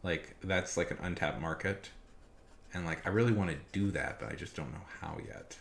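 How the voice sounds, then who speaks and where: A young man streaming live, chatting casually and rambling with many fillers, getting loud when he rants. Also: low-pitched, moderate pace, a little hiss or hum.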